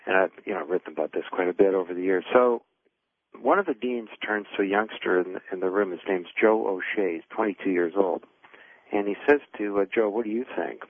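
A man tells a story down a thin, tinny phone line. His voice sits a bit low and sounds husky, and he brings the people he quotes to life with animated delivery. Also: fairly quick, no echo. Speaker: guest author. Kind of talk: anecdotal storytelling.

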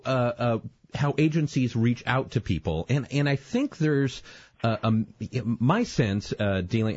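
A man's voice: medium pitch, a little mellow, breathy edge, no room sound. A man hosting an interview, talking in a hesitant, conversational way with many restarts. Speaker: radio host. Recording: dull, dry lo-fi studio sound.

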